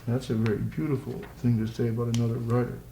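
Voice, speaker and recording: A man's voice: medium pitch, level tone, quick pace, vocal fry, dark tone, a little hiss or hum. Guy reading his poems live to a crowd, loose and joking, echoey room. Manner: playful, rambling, chuckling between lines. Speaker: poet. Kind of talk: live poetry reading with asides. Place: college social room with audience.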